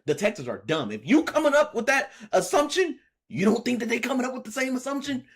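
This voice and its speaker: A man's voice: extremely high pitch, fast, breathy edge. A man reacting to news clips in casual streaming commentary, laughing as he goes. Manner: animated, laughing, trailing off quietly.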